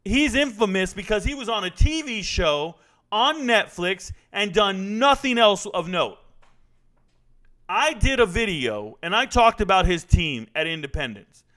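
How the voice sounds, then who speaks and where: Brash, high-voiced streamer. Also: male voice, a little slow. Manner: brash, animated, argues with the chat. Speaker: livestream host answering chat. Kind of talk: casual live-stream sports chat.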